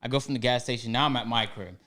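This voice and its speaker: A man's voice: mid-range voice, fast. Young man telling a story with slang. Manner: animated, acts out both sides of the story with slang. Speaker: podcast host telling a story. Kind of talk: casual storytelling chat.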